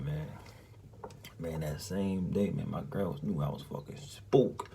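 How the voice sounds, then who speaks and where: A man with a low, deep voice tells a story in loose, profanity-laced casual talk, looping back with "you hear me?" every few lines. He keeps slipping into a breathy half-whisper, over a faint hum of room noise. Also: steady tone, a little slow, pauses often. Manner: drops often into a hushed, breathy half-whisper. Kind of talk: casual spoken recounting of a dream.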